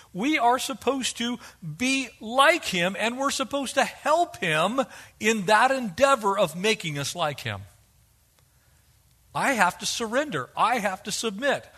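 A male preacher with a high, bright voice that swoops all over as he speaks. He is animated and slips into quoted voices to make his point. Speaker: pastor. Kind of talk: sermon.

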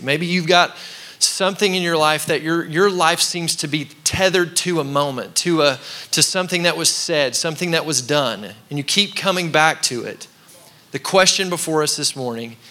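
Bright-voiced man preaching a conversational sermon. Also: a little high, measured pace. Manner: conversational preaching with call-and-response. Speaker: pastor. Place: church sanctuary.

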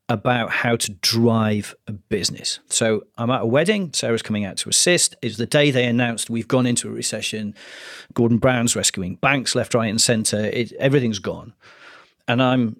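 Man, photographer guest, theatrical storyteller, husky tone. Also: mid-range voice, no echo, clean studio sound. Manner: dramatic, animated storyteller. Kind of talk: podcast interview storytelling.

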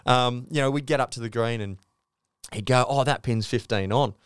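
A man's voice: mid-range voice, normal speed, smooth, dry recording, clean studio sound. Laid-back Australian man telling a yarn. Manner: storytelling, swears freely, acts out quotes. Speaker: podcast co-host. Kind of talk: casual sports chat.

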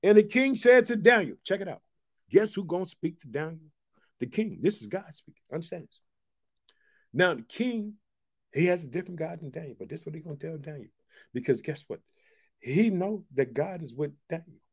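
Emphatic high-voiced preacher. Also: male voice, lively intonation, fairly quick, breathy edge. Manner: emphatic, call-and-response asides. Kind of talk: sermon with scripture reading.

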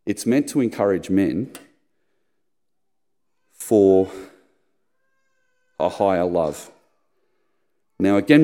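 A middle-aged man preaching a sermon as a pastor, telling personal stories and putting on squeaky voices in them. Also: dark tone. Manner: storytelling, acts out squeaky high voices in anecdotes. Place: church hall. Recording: long hall reverb.

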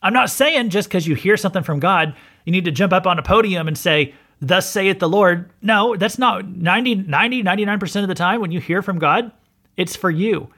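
A man delivers a relaxed, sermon-style Bible lesson, his voice sitting a little high. He talks to listeners directly and often stops to check they are following. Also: brisk, husky. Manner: conversational, frequent "okay?" check-ins. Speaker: pastor and podcast host.

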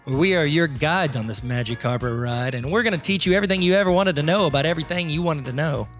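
Jokey, slightly high-voiced man. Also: fast, fairly bright tone, faint music behind. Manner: jokey, self-mocking, laughs often. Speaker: podcast co-host. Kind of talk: casual comedic chat.

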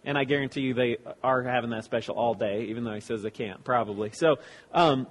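Rambling man in a reverberant room. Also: mid-range voice. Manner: rambling, halting, with many restarts. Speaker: speaker reacting to clips. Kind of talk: casual commentary.

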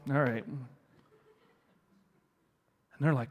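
Male pastor, high voice, animated preaching with rhetorical questions, hall reverb. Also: normal speed, soft background music. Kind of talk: sermon.

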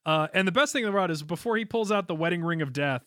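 A giggly, animated man chats about a show in a high voice. He recaps eagerly and laughs often. The sound is close and very dry. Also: fast talker, no room sound. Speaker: podcast co-host. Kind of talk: casual chat recapping a show.

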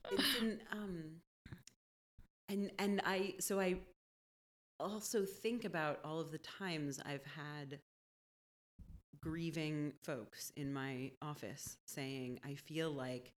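Low-voiced woman thinking aloud. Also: fairly even intonation, slow pace, pauses often. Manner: thoughtful, keeps checking in with "right?". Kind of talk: conversational podcast chat.

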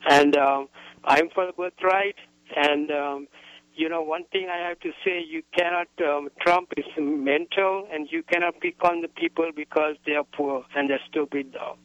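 A man from Sri Lanka calling into a radio show, emotional, halting and repetitive with many fillers. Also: on the high side, steady tone, a bit bright, no echo. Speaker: caller. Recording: dull phone line sound, dry.

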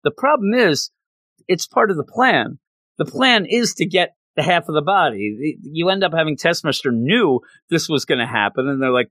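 Chatty, excited male comic recapper. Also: a little high, moderate pace, dry recording. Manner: excited, chatty, acts out lines. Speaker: comic book reviewer. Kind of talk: casual recap.

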